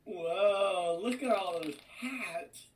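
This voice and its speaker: A player at a tabletop game, quiet and amused by the game master's descriptions. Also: medium pitch, drawn-out words, low-quality recording.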